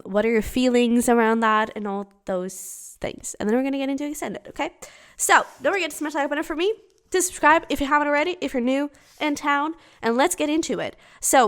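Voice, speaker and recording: A woman's voice: a little high, smooth. A woman giving a casual tarot reading to camera, chatty and giggly, with many fillers and restarts. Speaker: tarot reader.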